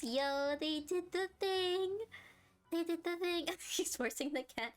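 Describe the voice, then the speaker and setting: A woman's voice: sits high, slow, soft background music. A young woman streaming a game live, chatting and giggling as she reads her chat aloud and reacts to the story.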